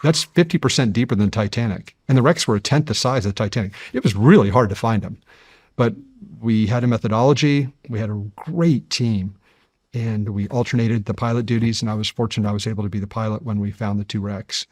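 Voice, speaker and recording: Fifties guy on an interview show, earnest measured storyteller, gets animated, dry close mic. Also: lowish voice, no echo. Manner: measured and earnest, building to animated when recounting history. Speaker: guest, deep-sea explorer.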